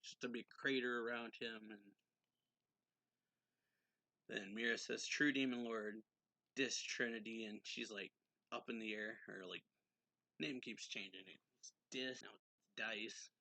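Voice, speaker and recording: A man recaps a manga chapter in a loose, rambling way, full of "like" and "kinda". His voice sits fairly low but sounds bright and forceful. The recording is dry and close, with no room sound. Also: fairly even intonation, measured pace, gravelly, long pauses, dry recording. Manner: rambling, filler-heavy, loose and offhand.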